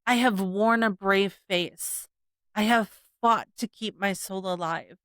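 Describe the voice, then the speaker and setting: A woman's voice: medium pitch, takes it slowly, no echo, studio quality. A woman hosting her own podcast, talking earnestly and emphatically in a reflective solo monologue, repeating key points. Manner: earnest, emphatic, with repetition and soft laughs. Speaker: podcast host.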